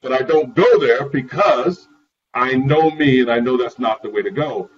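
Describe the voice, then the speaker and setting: A man chatting as an interview guest, telling lively stories about his caregiving work and often laughing. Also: mid-range voice, moderate pace. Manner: lively, laughing, acts out voices in anecdotes. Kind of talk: animated storytelling in conversation. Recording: distant, muffled, with crowd noise.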